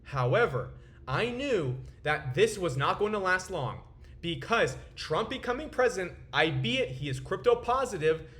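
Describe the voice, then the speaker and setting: Young man, crypto vlog host, high voice, profane, boastful ranting commentary. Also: very animated, measured pace, a bit bright. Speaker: crypto trader and video host. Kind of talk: ranting market commentary to camera.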